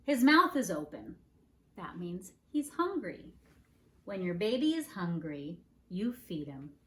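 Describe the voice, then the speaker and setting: Woman doing storybook father bird, fussy, firm, reassuring, a touch low, slow. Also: sing-song, a little hiss or hum.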